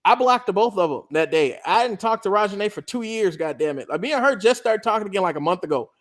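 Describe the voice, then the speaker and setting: A man telling a story in casual chat, animated and profane, acting out the other people's lines. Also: sits high, quick pace.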